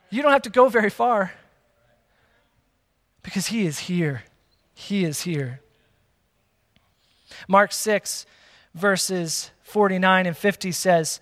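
A man preaching a sermon to a congregation, lively and emphatic, with playful asides. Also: high voice, slow pace, long pauses. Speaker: pastor. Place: church hall with long reverb. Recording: reverberant church hall.

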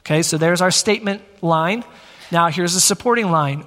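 A man preaching a teaching sermon in a church, energetic and conversational, talking straight to the congregation. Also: high voice, normal speed. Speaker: pastor. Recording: long reverb of a large hall.

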